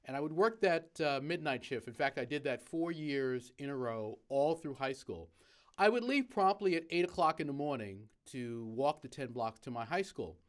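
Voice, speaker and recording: A man's voice: medium pitch, animated, moderate pace. A man, a motivational speaker, telling a personal story to the camera and acting out the lines of the people in it, with many fillers.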